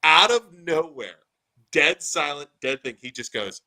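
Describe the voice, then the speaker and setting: A man in his thirties hosting a casual podcast, telling a story in an animated way and saying "dude" a lot. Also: a little high, unhurried, gravelly, poor audio. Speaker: podcast host.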